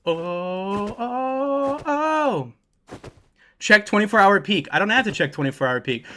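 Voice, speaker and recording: A man's voice: high-pitched, expressive, fast, sharp tone. A man streaming a game, talking casually to his chat in a brash, swearing, trash-talking way. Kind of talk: casual livestream talk to chat.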